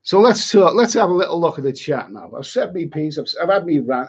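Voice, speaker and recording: A man's voice: fairly high pitch, expressive, brisk, breathy edge, lo-fi sound. A middle-aged man on a livestream, chatty and exasperated, rambling with many repeats and asides. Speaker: travel vlogger on a livestream.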